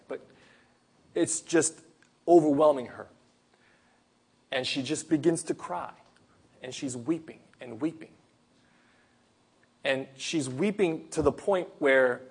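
A man preaching a sermon, retelling a Gospel story in an earnest, storytelling way with pauses and sudden emphasis. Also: on the high side, breathy edge.

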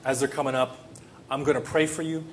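In a church, an impassioned male pastor delivers a sermon, his voice swelling into loud, pleading questions before sinking low and hushed. He holds an ordinary middle pitch and level tone, speaking a little fast, with a faint hiss of noise behind him.

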